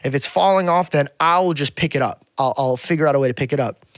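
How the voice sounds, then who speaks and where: Animated, fairly high-voiced man telling a story. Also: quick pace, no room sound. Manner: animated, acts out other people's lines. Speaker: podcast guest. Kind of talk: casual storytelling.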